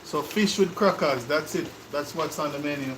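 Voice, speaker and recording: A man's voice: on the high side, moderate pace, background noise. A man with a Jamaican accent co-hosting a cooking live stream, chatting to viewers and explaining things in patois. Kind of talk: casual live-stream chat.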